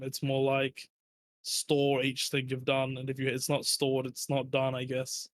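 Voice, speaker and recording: A man's voice: medium pitch, monotone, takes it slowly, pauses often, fairly bright tone, no echo, clean studio sound. A man chatting casually on a podcast, rambling and swearing as he explains things. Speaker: podcast host. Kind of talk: casual chat.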